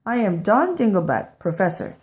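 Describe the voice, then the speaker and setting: A woman's voice: medium pitch, big pitch swings, moderate pace, a little mellow, lightly acted. A woman voicing a fussy, learned male professor in a children's storybook read-aloud, lecturing and correcting.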